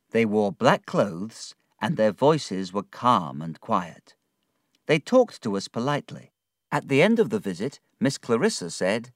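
A man narrating a storybook in a slow, expressive read. His voice rises and falls a great deal. The recording is close and dry. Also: lowish voice, no room sound.

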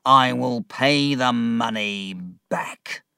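A man's voice: mid-range voice, extremely slow, vocal fry, pushed and bright, clean tone, no echo, exaggerated voice. Man doing a sly young clerk, sneering, defiant, storybook villain, dry close sound. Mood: sullen.

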